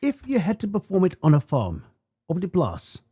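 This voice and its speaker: A man's voice: high-pitched, huge pitch swings, normal speed, dark tone, husky, no echo, clean studio sound. A South African man with a South African accent hosting a breakfast radio show, asking playful, teasing questions. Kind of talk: radio interview. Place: radio studio.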